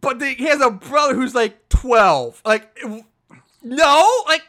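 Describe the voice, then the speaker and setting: A lively, swearing voice recapping a strange movie scene by scene, its pitch leaping up and down as it goes. The tone is bright and a little sharp, with an exasperated edge. It is casual podcast chat between friends. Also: moderate pace. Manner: profane, animated, exasperated retelling. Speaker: podcast co-host.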